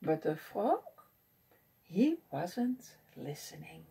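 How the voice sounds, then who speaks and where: A woman librarian reading a picture book aloud at storytime, in an expressive, sing-song way. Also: fairly low pitch, drawn-out words, vocal fry, husky. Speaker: children's librarian.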